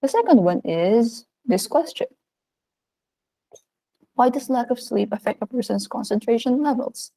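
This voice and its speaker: A woman with a Filipino accent, teaching a recorded video lesson. She speaks in an upbeat, animated way, with sudden lifts in pitch. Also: a little slow, gravelly, long pauses, rough recording. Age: adult of working age.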